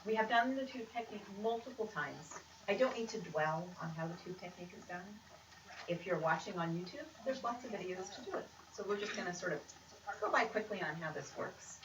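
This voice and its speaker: A woman's voice: medium pitch, fairly quick. A woman presenting a quilting demonstration in a casual, chatty way with upbeat asides. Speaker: quilt pattern designer presenting. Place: creative center studio. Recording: roomy, distant, noisy room sound.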